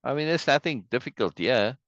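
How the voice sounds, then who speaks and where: A man's voice: medium pitch, expressive, fairly quick, fairly bright tone, dry recording, dull audio. A man hosting a casual play reading, chatty and musing, with frequent asides and laughs, on a video call. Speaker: host reading a play aloud.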